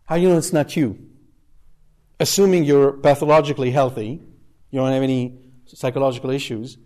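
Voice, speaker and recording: Higher-voiced man preaching conversationally. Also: a little mellow. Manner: conversational, asks rhetorical questions with tag 'okay?'. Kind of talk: sermon to a live congregation.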